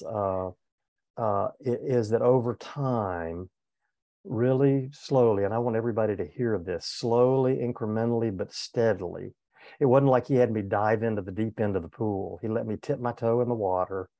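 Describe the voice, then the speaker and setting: Older male former pastor for a conversation piece: earnest, candid storyteller, warm mellow tone, dry close sound. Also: on the low side, moderate pace, no room sound. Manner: earnest, candid, with frequent restarts. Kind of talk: reflective personal storytelling in conversation.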